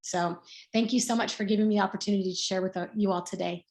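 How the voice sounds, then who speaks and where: A woman's voice: medium pitch, fairly even intonation, fast talker, darkish tone, reverberant. A woman in her sixties from Middle Tennessee, speaking as a guest on a video call and telling her story in a chatty way, with many fillers and restarts. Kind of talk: casual testimonial on a video call.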